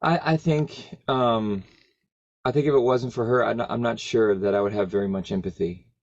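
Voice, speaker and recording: A man speaks as a podcast guest, his voice gravelly and textured. He recounts memories earnestly and thoughtfully, pausing often to find his words. The recording sounds a bit muffled. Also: fairly low pitch. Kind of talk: reflective personal storytelling.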